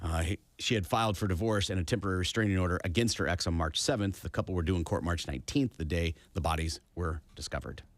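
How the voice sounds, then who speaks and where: A man's voice: low voice, quick pace, few pauses, dry recording. A man co-hosting a podcast in casual chat, telling a story with wry asides. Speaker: podcast co-host.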